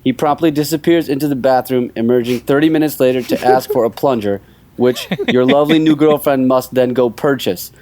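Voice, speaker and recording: A man's voice: mid-range voice, a little fast, a little mellow. A man co-hosting a podcast, reading out quiz questions in a dry, teasing way. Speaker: podcast co-host.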